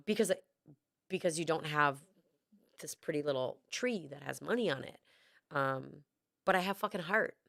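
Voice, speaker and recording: A woman in her forties hosts a podcast and speaks openly, swearing freely and getting emotional as she talks. Her voice sits at a middle pitch for a woman. The recording is dry and close, with no room echo. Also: a bit bright. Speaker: podcast host. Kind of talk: casual personal monologue.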